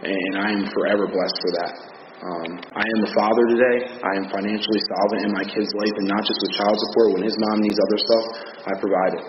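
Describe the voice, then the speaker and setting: A man with an American accent tells his recovery story candidly, full of fillers and asides. He talks quickly in a lowish voice. The recording is muffled and echoes around a large hall. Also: fairly even intonation. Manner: candid, conversational, many fillers. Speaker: recovery meeting speaker. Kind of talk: personal testimony talk. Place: meeting hall. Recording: echoey hall, muffled audio with background noise.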